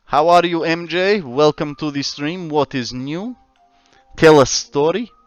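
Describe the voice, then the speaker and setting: A man's voice: a little high, measured pace, smooth, dry recording, lo-fi sound. An Australian man streaming a game, chatting and joking with his viewers. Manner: joking, chats with viewers as he plays. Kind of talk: casual livestream chat. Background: faint background music.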